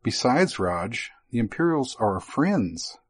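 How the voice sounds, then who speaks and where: A man voicing a gruff, businesslike male spy chief handing out assignments in an audiobook. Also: mid-range voice, big pitch swings, slow, exaggerated voice. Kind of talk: audiobook character voice.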